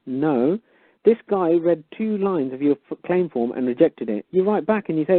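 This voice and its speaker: Man, mid-pitched, animated storyteller, tinny phone line. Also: normal speed, no room sound. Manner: animated, with sudden jumps up in pitch. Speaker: guest on a call-in talk show. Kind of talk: casual storytelling, acting out conversations.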